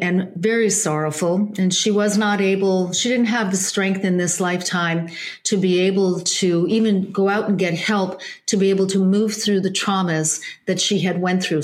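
A middle-aged woman telling a personal story in an emotional, halting way, with many restarts and moments close to tears. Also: medium pitch. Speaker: guest.

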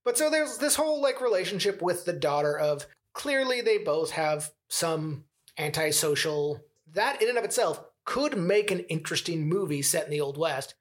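A man's voice: fairly high pitch, big pitch swings, moderate pace. Chatty man picking apart a movie. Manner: chatty, rambling, lots of "like" fillers. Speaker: podcast co-host. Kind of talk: casual chat, film critique.

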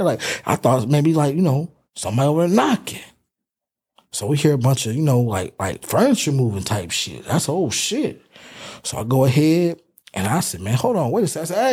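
A young man hosting a casual talk show, telling a story in an animated way and acting out what people said. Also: fairly high pitch, a little fast, slightly rough. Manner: animated storyteller, acts out quotes. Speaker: podcast host.

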